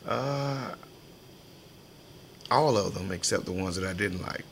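An older man remembers his school days for an oral history interview. His voice sits very low and gravelly, and he laughs easily while acting out the people in his stories. A faint background hiss runs under the recording. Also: slow pace. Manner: folksy storyteller, laughs often, acts out voices in his stories.

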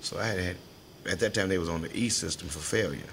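A man's voice: deep voice, brisk, gravelly, background noise. An older man telling stories in an oral history interview, folksy, laughing often and acting out the voices in his memories.

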